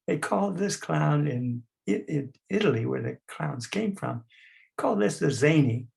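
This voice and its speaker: Over a video call, an older man with a fairly high, gravelly, darkish voice and lively intonation leads a group through playful clown-face exercises at a moderate pace. He coaxes them along and demonstrates sighs and growls as he instructs.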